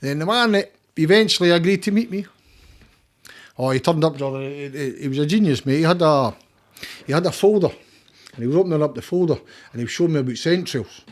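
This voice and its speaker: Scottish man, podcast guest, fairly high voice, rambling casual storytelling, repeats words, swears. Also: quick pace.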